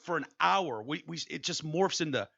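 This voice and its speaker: A man's voice: a little high, normal speed, creaky, muffled recording. A man hosting a podcast, telling stories in casual chat and swearing freely. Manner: swears freely, animated storytelling. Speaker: radio host.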